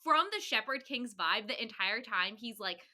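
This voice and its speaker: A woman's voice: fairly high pitch, animated, normal speed, pushed and bright. A young woman co-hosting a podcast, chatting casually about a book in a rambling way, with frequent "like" and laughter. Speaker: podcast co-host.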